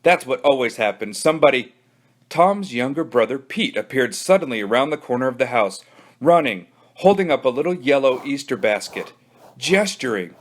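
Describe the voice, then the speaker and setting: A man, a children's librarian, reading a children's book aloud with animated storytelling. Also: medium pitch, normal speed.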